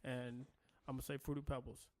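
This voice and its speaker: A man's voice: mid-range voice, flat delivery, a little fast, a little mellow, no echo. A man co-hosting a podcast, teasing his co-host and laughing often in slangy, casual chat.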